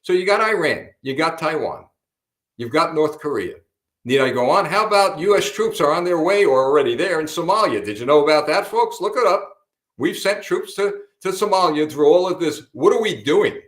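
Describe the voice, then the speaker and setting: A man's voice: on the high side, expressive, normal speed, a bit bright. An older man hosting a political commentary broadcast, emphatic and repetitive, often calling listeners folks. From United States. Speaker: host. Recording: roomy echo.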